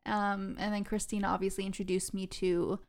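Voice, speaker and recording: A woman's voice: medium pitch, flat delivery, a little fast. A young woman from England chatting casually on a podcast, telling stories with fillers. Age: young adult. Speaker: podcast co-host. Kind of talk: casual chat.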